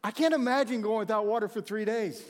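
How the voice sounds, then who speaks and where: Animated preacher, high voice. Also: male voice, quick pace. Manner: conversational, animated storytelling with acted-out quotes. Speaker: pastor. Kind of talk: sermon. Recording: long hall reverb.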